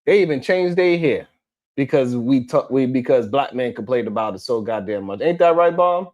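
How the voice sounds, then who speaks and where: A man's voice: medium pitch, lively intonation, moderate pace, darkish tone. A man hosting a live stream, talking casually and heatedly, swearing often and calling out chat viewers by name. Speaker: live stream host reading viewer comments.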